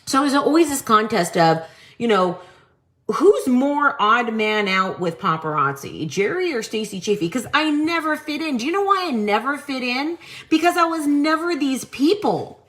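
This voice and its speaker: A woman hosting her own live-selling stream, venting in a casual rant full of disbelief and sarcasm. Her voice sits high and leaps around wildly as she mocks, and she swears freely. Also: animated, normal speed, fairly bright tone. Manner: incredulous, mocking, exasperated. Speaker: live-selling show host.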